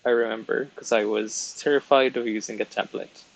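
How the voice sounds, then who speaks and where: A man's voice: on the low side, fairly even intonation, brisk, gravelly, poor audio. A man streaming live, chatting casually while he colours, chatty and self-mocking with frequent giggles.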